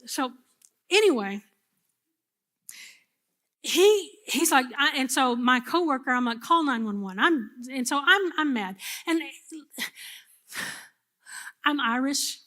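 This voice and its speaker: A woman pastor in middle age preaching to her congregation. She tells a personal story with humor and animation, and her voice sits high. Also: lively intonation, slow, long pauses, bright, forceful tone. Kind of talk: sermon.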